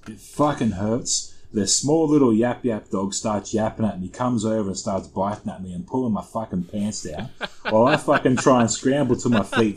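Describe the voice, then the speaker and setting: Young man, Australian accent, low-pitched, casual podcast storyteller, sweary, laid-back. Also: normal speed, darkish tone, low-quality recording. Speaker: podcast co-host.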